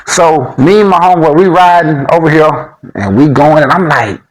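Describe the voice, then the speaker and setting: A man's voice: fairly high pitch, normal speed, rough recording. A man from Alabama with a Southern accent, chatting casually on a video about life abroad. He tells stories in a laid-back, slangy way, full of chuckling asides. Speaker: vlog co-host. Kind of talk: casual chat.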